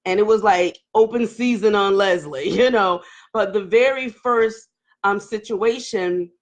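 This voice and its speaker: A woman's voice: mid-range voice, unhurried. A woman in her forties hosting a candid live-stream talk, speaking emotionally and laughing nervously as she opens up. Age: 40s. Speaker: host.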